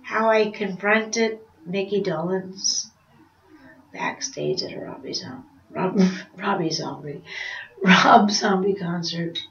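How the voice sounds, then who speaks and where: A woman's voice: mid-range voice, slow pace, a bit bright. A woman vlogger telling a rambling confessional story in a chatty way, laughing at herself. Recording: roomy, distant, slightly dull sound.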